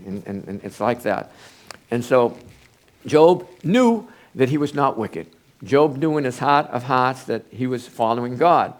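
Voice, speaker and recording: An older man preaching an informal Bible study, halting and rambling with many restarts. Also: medium pitch, expressive.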